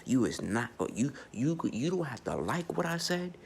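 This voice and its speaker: A man's voice: mid-range voice, big pitch swings, normal speed, creaky, slight background noise. A man giving a blunt, profane, unscripted astrology monologue, speaking emphatically and often restarting his sentences. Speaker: astrology vlogger.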